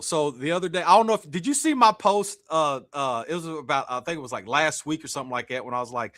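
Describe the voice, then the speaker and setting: Casting: high, bright-voiced male co-host, animated storyteller, swears freely. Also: fast, few pauses. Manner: animated, swears, acts out quotes loudly. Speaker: podcast co-host. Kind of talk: casual chat, storytelling.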